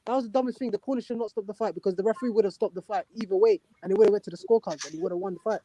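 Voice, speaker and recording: A man's voice: sits high, warm tone, no room sound, rough recording. A man co-hosting a boxing talk show in casual, heated chat, insistent and repeating his points. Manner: quick, insistent, repeats phrases. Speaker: boxing podcast co-host.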